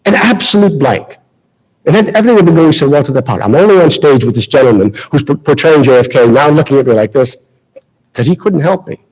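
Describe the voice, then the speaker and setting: A man's voice: on the high side, slightly rough, low-quality recording. A middle-aged man with a Boston accent, telling a self-deprecating story in a speech at a school ceremony. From Massachusetts. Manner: anecdotal, self-deprecating, lively retelling. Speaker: ceremony speaker. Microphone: handheld mic.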